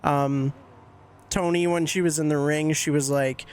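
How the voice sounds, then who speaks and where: A young man hosts a podcast, casually recapping wrestling shows with excitement and plenty of swearing, slipping into quick voices whenever he quotes someone. His voice is a little high and clean.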